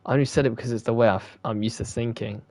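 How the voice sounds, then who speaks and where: A man's voice: medium pitch, fairly even intonation, rapid-fire, darkish tone, dry recording. A young man reads a visual novel aloud and swears freely between lines. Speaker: gaming streamer.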